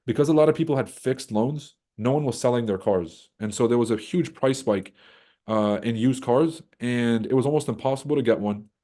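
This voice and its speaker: A man with a dark, mellow voice rants on a trading livestream. He swears freely and runs on in loose, casual commentary. He mocks other people by putting on voices. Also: mid-range voice. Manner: profane, animated, mocks others in put-on voices. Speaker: livestream host.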